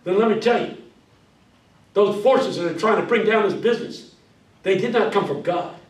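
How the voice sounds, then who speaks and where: A fiery preacher booms out call-and-response lines to a congregation, as a man puts him on. His voice is high and strained by shouting. The sound is roomy and distant, with a faint hum of room noise. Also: expressive, normal speed. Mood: exhorting. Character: fiery male Pentecostal preacher rousing a congregation. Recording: roomy hall recording from far off.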